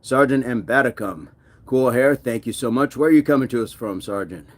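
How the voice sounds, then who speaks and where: A man's voice: medium pitch, a little fast. Man hosting a live workout stream. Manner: reads viewer comments aloud and laughs often. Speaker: fitness livestream host. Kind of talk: casual live-stream chat.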